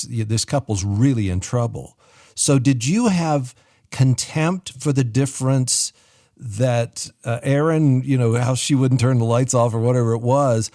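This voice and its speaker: Mellow-toned guy co-hosting a radio show, asks thoughtful questions, dry sound. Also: medium pitch, no room sound. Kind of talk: casual radio interview.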